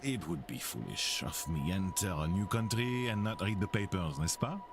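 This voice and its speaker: A smooth, scheming French investigator who speaks in a measured, formal way with a French accent and a lowish voice. He sounds sure of himself and leans on courtesy to press others. The game audio carries a steady bed of ambient noise. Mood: confident. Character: scheming male French investigator, blackmailing, self-assured. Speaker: game character.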